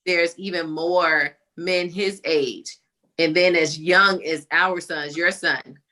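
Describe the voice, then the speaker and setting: Woman, low-pitched, bright, reflective, animated co-host. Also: slow. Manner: reflective, animated, thinking aloud. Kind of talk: casual talk-show conversation.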